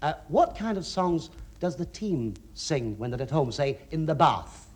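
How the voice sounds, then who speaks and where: A man's voice: on the high side, very animated, measured pace. A man, guest singer and comedian on a radio panel, telling a story chattily. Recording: hissy 1960s radio broadcast.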